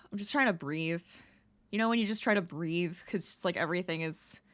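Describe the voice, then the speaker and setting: A woman's voice: on the low side, moderate pace, a bit bright. A woman crafting live on stream, chatting casually with her viewers, greeting them and laughing often. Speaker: crafting livestreamer.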